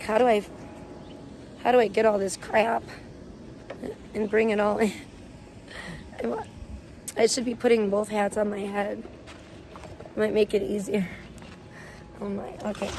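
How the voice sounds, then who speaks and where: A woman's voice: medium pitch, creaky, noisy background. A woman livestreaming casually, venting in a rambling way with many fillers as she moves from outdoors into her home. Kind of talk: casual IRL livestream chat. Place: outdoors then moving indoors at home.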